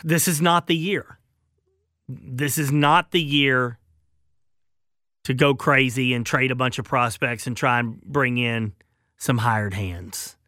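A male sports talk host with a bright, forceful tone and a mid-range pitch. He sounds opinionated and emphatic, punching key words and letting phrases sink quietly at the end. The sound is dry and close. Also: takes it slowly, pauses often, dry recording.

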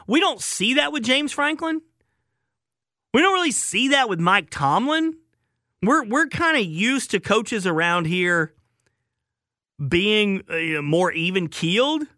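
A man's voice: high-pitched, sharp tone, dry recording. A male sports radio host giving opinionated, emphatic call-in talk into a studio microphone.

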